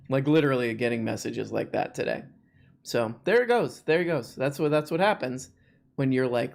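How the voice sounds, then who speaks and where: A host chatting casually on a livestream, joking and rambling with quick asides. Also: medium pitch, animated, vocal fry. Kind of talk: casual live-stream chat.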